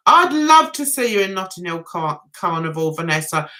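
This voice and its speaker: A middle-aged British woman hosts a casual live-stream chat, reading out viewers' comments in a low, sing-song voice that is bright and forceful at a moderate pace. She's giggly and chatty, often laughing at herself.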